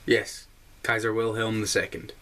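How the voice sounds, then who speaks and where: A man putting on a stern, stiff German accent and speaking in a slow, clipped way. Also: fairly low pitch, completely flat delivery, a bit bright, natural voice.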